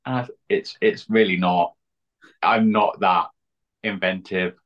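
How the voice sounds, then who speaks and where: A man, a drag queen chatting as an interview guest, cheeky and deadpan. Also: low-pitched, slow pace. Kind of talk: casual interview chat. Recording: dull lo-fi audio.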